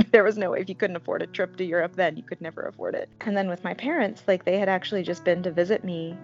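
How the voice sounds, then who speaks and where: A woman with a fairly low voice tells a personal story frankly and casually, sprinkling in filler words and the odd curse. The recording sounds a bit muffled. Soft guitar music plays underneath. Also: steady tone, quick pace. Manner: candid, conversational, frequent "like" fillers, swears.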